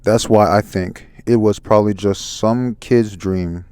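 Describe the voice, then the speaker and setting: A man reading out a calm scholarly woman's comic lines in his own halting voice. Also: lowish voice, smooth, no room sound, lightly acted. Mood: explaining. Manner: plain read-aloud voice, halting. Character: calm scholarly woman explaining ancient history.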